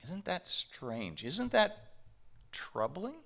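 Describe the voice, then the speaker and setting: Pastor, male, from the southern US, bright lively voice, unhurried conversational sermon. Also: sits high. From southern United States. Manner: conversational, emphatic preaching with rhetorical questions. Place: church sanctuary.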